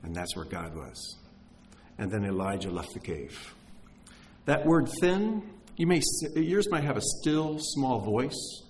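Lively, animated male preacher. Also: mid-range voice, slow, a little hiss or hum, rough recording. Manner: animated storyteller, drops to a hush for emphasis. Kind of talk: sermon.

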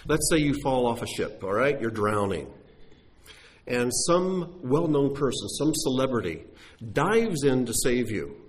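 A man preaching a sermon, teaching from scripture with emphatic rhetorical questions. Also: mid-range voice. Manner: animated, rising and falling with emphasis, rhetorical questions.

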